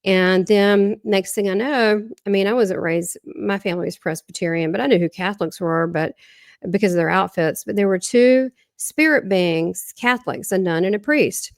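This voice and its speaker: A woman's voice: mid-range voice, moderate pace, no echo, studio quality. A woman with a Southern American accent, a guest medium earnestly recounting a near-death experience in a rambling way, often restarting her sentences.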